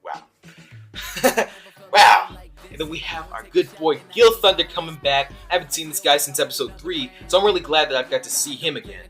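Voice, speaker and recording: A young man chats his way through an anime episode review, excitable and rambling, stumbling over restarts and fillers as he goes. His voice sits a little high and comes across bright and forceful. Light background music plays under the recording. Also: fast, hardly any pauses, husky. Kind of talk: casual video review.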